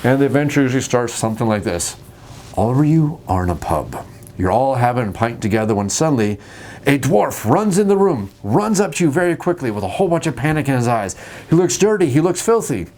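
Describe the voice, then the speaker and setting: A man hosting a casual talk about tabletop games, jokey and animated, acting out scenes at the table. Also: medium pitch, fairly quick. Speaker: host.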